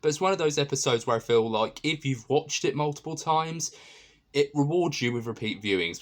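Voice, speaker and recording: A man casually reviewing a TV episode, enthusiastic and rambling, with many ums and restarts. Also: mid-range voice.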